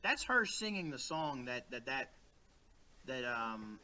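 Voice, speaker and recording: Talking movies as a podcast co-host, this man speaks slowly in a mid-range voice whose pitch swings widely, sounding pushed and bright. His casual rambling is thick with fillers and restarts. The remote-call audio is poor, carrying a faint hiss or hum.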